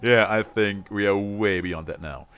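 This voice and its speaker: A man's voice: on the low side, a little slow, a bit bright, clean tone. A man playing a video game, casually commenting and reading the game's text aloud in a playful, amused way. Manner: playful, amused, chuckles often. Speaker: gaming streamer.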